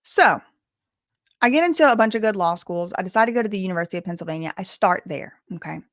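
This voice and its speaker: A woman YouTuber with a softened Southern accent, telling her story to camera in a candid, emphatic way and repeating words for stress. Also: fairly low pitch, animated, quick pace, no room sound, clean studio sound. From US South, bayou country.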